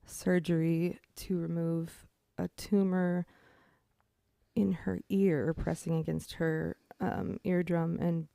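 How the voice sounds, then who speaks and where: A woman's voice: lowish voice, steady tone, takes it slowly, vocal fry, mellow, no echo, clean studio sound. A young woman co-hosting a podcast in casual chat, laughing often and swearing freely. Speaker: podcast co-host.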